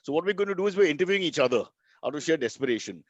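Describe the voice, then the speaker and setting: A man's voice: on the high side, very fast, dry recording, highs cut off. A middle-aged man with an Indian English accent, telling wry comic stories as co-host of a comedy show. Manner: wry, deadpan jokes. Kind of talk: comic storytelling.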